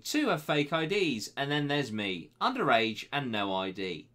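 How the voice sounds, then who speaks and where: A man's voice: medium pitch, sing-song, unhurried, fairly bright tone. A young man hosting a web show, reading a listener's email aloud with sarcastic, swearing asides. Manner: banter-heavy, sarcastic asides to the sender.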